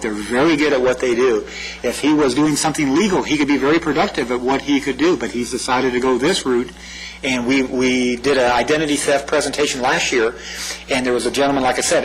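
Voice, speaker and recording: A man's voice: mid-range voice, low-quality recording. A man giving a community presentation on public safety, talking in a loose conversational way that often checks in with "right?". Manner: conversational, repeats himself, asks "right?". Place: meeting room.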